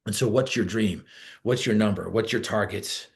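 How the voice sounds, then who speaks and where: A middle-aged man from Utah delivers a motivational talk with a low-pitched voice. He tells stories with energy and hammers home short, repeated phrases. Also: moderate pace, creaky. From Utah, USA. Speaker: motivational speaker.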